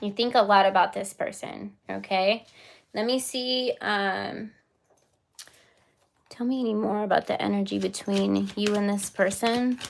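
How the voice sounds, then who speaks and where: A woman's voice: mid-range voice, steady tone, unhurried, gravelly. A woman giving a casual live-stream tarot reading, chatty and giggly with lots of fillers.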